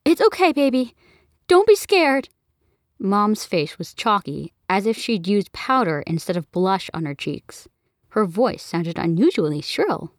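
A woman narrating a children's story in an expressive, storytelling manner, on a close studio mic. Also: mid-range voice, no echo. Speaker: audiobook narrator.

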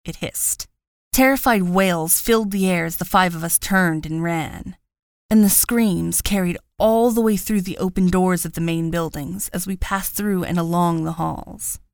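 A woman's voice: on the low side, normal speed, vocal fry, dry recording. A woman reading a first-person audiobook narration with a wry, understated delivery, close to the mic.

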